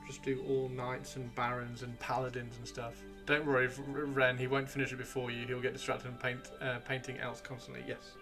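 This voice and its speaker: A man's voice: medium pitch, little pitch movement, a little fast, hardly any pauses, over music. A man hosting a livestream, chatting casually and rambling to himself as he browses, with the odd swear. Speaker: livestream host. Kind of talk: casual chat while gaming.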